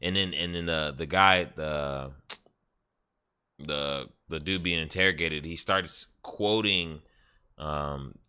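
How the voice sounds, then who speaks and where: A man's voice: rumbling low, slow, bright, forceful tone, smooth. A man casually rambling on a livestream, swearing freely and laughing as he retells a scene. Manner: profane, rambling, laughs often. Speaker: gaming streamer.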